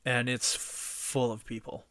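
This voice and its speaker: A man's voice: mid-range voice, little pitch movement, takes it slowly, a bit bright, no room sound. A man from British Columbia hosting a podcast, telling stories eagerly in casual chat and swearing freely. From British Columbia, Canada. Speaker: podcast host.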